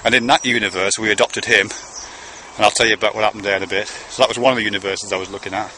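Against background noise, a man with a lowish, steady voice talks at a racing pace. He's a father addressing his son on camera in a wandering, conversational monologue, casually swearing now and then.

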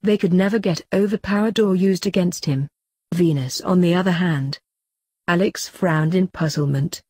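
A woman reading fanfiction aloud in a steady storytelling voice. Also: fairly low pitch, moderate pace, slightly rough, dry recording. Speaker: fanfiction reader.

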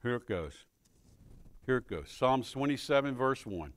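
A man's voice: medium pitch, lively intonation, brisk, a bit bright. A man preaching a sermon as pastor, quoting scripture and building to fervent, emphatic peaks.

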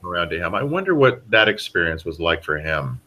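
A middle-aged man, a voice actor guest on a podcast, telling animated stories with a lot of halting restarts. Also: low voice, highs cut off. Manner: animated storyteller with many restarts. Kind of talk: casual podcast interview.

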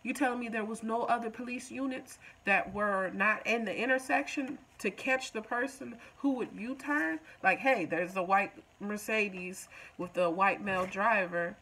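A woman's voice: mid-range voice, moderate pace, few pauses, pushed and bright, poor audio. A woman recapping a TV episode in a casual, joking way, talking back to the show. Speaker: TV recap vlogger.

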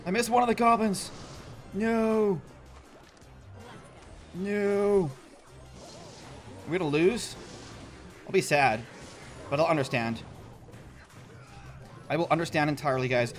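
Chatty young man with an animated voice. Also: on the high side, normal speed, pauses often, soft background music. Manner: chatty, self-mocking, laughs often. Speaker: gaming YouTuber. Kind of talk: casual gameplay commentary.

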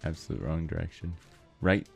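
A young man co-hosting a let's play, making wisecracks and deadpan asides while he plays. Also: extremely low pitch, moderate pace, gravelly, breathy edge, faint music behind. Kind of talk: casual gameplay commentary.

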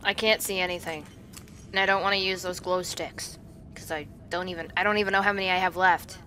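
A woman commentating while she plays a horror game, jumpy and swinging between hushed muttering and panicked yelling. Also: fairly low pitch, level tone, a little fast, slight background noise. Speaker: gaming video creator.

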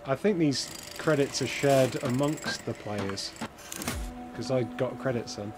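A man's voice: mid-range voice, measured pace. A man streaming a multiplayer game, bantering casually with friends and joking often. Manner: jokey, laughs often. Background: game music and gunfire.

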